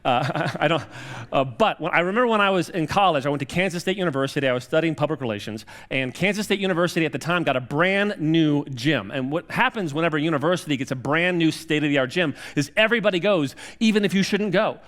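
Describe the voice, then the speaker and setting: A man's voice: on the high side, lively intonation, fast, a bit bright. A man in his forties giving a humorous, chatty sermon in a church, self-deprecating, with many restarts and fillers. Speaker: guest preacher. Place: church sanctuary.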